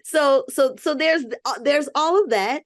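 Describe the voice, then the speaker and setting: A woman's voice: high-pitched, measured pace, dry recording, studio quality. A woman therapist in a podcast conversation, talking in a reflective way and thinking aloud as she goes. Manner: reflective, thinks aloud with restarts and soft laughs.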